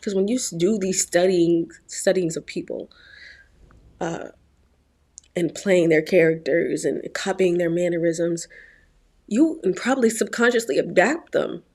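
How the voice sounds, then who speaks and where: A woman's voice: on the low side, unhurried, a little mellow. A woman in her twenties from Virginia, talking casually to camera as a vlog host, rambling, repeating words and laughing often, while feeling unwell. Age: 20s.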